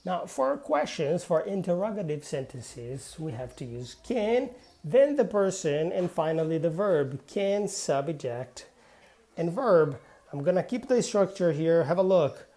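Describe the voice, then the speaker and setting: A woman teaching English at a very unhurried pace, reading example sentences slowly and clearly. Her voice sits a little low and sounds soft and mellow. She talks in a calm lesson style and keeps checking in with "yeah". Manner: deliberate, models example sentences aloud, frequent "yeah". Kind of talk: spoken grammar lesson.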